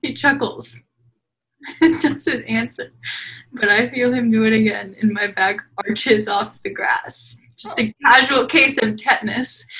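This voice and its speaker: A woman with a bright, slightly husky voice reads slowly and deliberately over a video call. She plays the steamy lines mock-sultry and drops deadpan jokes in between. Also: fairly high pitch, low-quality recording. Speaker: reader in a group fanfic reading. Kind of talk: dramatic reading aloud with asides.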